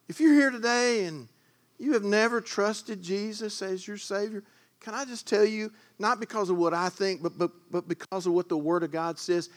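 A middle-aged man delivers a fervent sermon. His voice sits high for a man. He moves from hushed, almost murmured lines to loud, emphatic phrases, repeating words to drive them home. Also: normal speed. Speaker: pastor.

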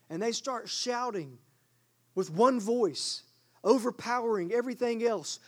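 A man preaching a sermon, reading scripture aloud with dramatic swings from loud declaiming to quiet asides. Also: extremely high pitch, a little slow. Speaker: pastor.

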